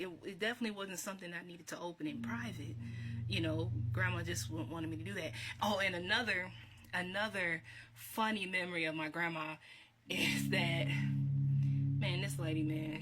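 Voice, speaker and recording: A woman, chatting warmly and reminiscing, laughing often and repeating herself. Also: lowish voice. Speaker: vlogger. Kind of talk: casual encouraging talk. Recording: steady background hiss.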